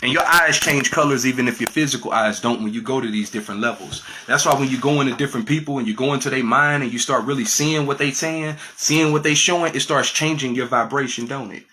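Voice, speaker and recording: A man's voice: medium pitch, fast talker, hardly any pauses, bright, forceful tone. A man giving an improvised spiritual monologue as a teacher, preaching in a repetitive way with street slang.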